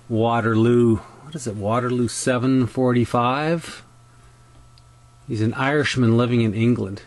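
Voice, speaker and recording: A Canadian man explains model-tank weathering in a loose, chatty way. He wanders off topic easily and keeps restarting his thoughts with plenty of ums. His pitch sits in the ordinary middle range for a man. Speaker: scale model builder. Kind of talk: casual hobby tutorial.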